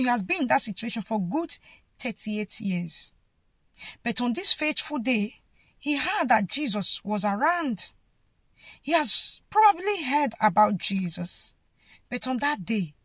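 A woman preaching a sermon, rising to impassioned shouted pleas. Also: sits high, sing-song, a little slow, dry recording.

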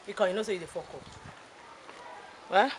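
A woman with a Nigerian Pidgin accent playing a fiery mother figure who scolds loudly in a movie. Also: medium pitch, brisk, background noise, lightly acted. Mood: scolding. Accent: Nigerian Pidgin English. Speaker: actor. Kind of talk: Nollywood movie acting.

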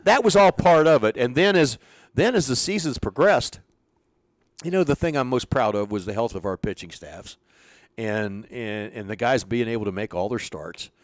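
An older man, a former pitching coach, telling stories in an interview and acting out the lines of people in them. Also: normal speed, dry recording. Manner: animated storyteller, acts out quoted dialogue. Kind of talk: storytelling in an interview.

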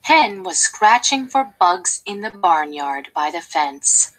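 A woman reading a children's storybook aloud, slowly and expressively. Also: fairly low pitch, very animated, fairly bright tone, low-quality recording.

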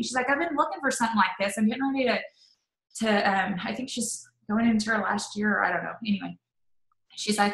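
A woman's voice: medium pitch, pushed and bright, echoey room, poor audio. A woman coaching her team on a casual live stream, upbeat and chatty, with frequent "um" and "like". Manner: upbeat, chatty, says "um" and "like" often. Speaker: network marketing leader.

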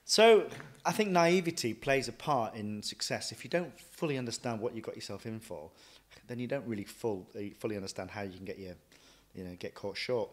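A man, a chef and restaurant owner, telling stories from his career in a lively way, often acting out what he thought and said. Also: lowish voice, fairly quick, few pauses. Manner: lively anecdotal, quotes himself often. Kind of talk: casual interview storytelling.

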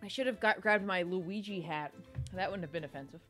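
A woman's voice: lowish voice, a little fast, a bit bright, soft background music. A young woman from New Jersey streaming a cooking game, giggly and chatty, thanking viewers and reading tutorial text aloud. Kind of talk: casual live-stream gaming chat.

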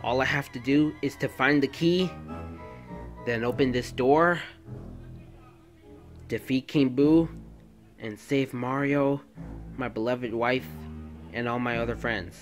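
A man's voice: mid-range voice, slow, pauses often, faint music behind, voice pushed down, natural voice. A man voicing a timid male plumber hero who talks nervously, stammers and panics easily, in a plush toy video.

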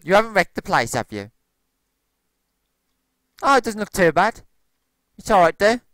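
A man chatting casually while playing a game, relaxed and quick to laugh. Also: sits high, no room sound. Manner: relaxed, laughs easily, calls friend dude. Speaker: gamer co-host. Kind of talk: casual gameplay chat.

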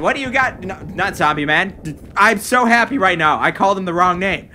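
A young man commentating his own game play at home, excitable, breaking into shouts and laughs at his wins. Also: high voice, fairly quick, hardly any pauses, very noisy. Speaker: gaming video host. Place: home room.

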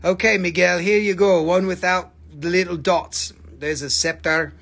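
Speaking at normal speed, a man with a high, slightly bright voice keeps fairly even intonation, with some vocal fry. He runs a live crystal sale, bantering casually with his audience in a teasing, joking way and swearing freely.

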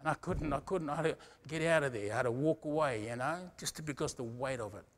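A man's voice: mid-range voice, fast. A middle-aged male pastor preaching a sermon in a conversational way, often asking the congregation "Amen?".

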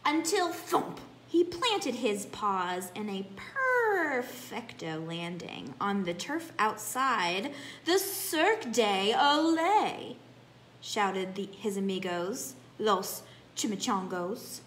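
Woman teacher, unhurried storybook reading, animated and expressive, echoey room. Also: mid-range voice. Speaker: children's class teacher. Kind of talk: reading a picture book aloud. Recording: echoey room, faint background hum.

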